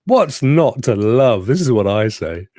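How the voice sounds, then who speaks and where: A man's voice: mid-range voice, sing-song, measured pace, a little mellow, no echo, studio quality. A man co-hosting a live gaming stream, chatting casually with rhetorical asides and frequent laughs. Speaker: podcast co-host.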